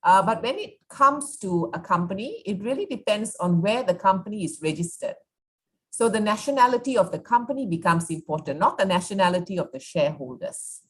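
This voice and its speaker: A woman's voice: mid-range voice, lively intonation, fairly quick. A woman law lecturer answering questions in an online seminar, explaining at length and asking rhetorical check questions. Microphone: video call.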